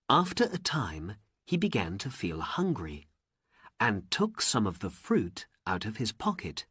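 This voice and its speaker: A man narrating a story for learners in slow, deliberate, expressive storybook narration. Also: lowish voice, slightly rough, dry recording, studio quality.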